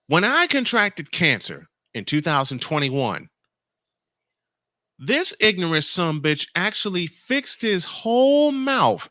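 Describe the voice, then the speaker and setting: A man's voice: mid-range voice, sharp tone, no echo. Guy hosting a morning show, angry rant at some commenter, voice all over the place, dry close mic. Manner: confrontational, addresses a critic directly and reads comments aloud; emphatic, repeats phrases for effect.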